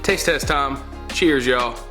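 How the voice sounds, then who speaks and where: A man's voice: medium pitch, slow pace, music in the background. A man, chatting casually as a vlogger while cooking in his home kitchen, laid-back and rambling. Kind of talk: casual vlog chat.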